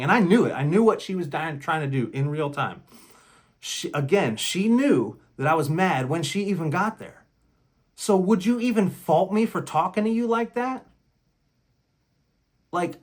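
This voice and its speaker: Blunt, heated man telling a story. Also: on the high side. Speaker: relationship talk channel host. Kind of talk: casual monologue to camera.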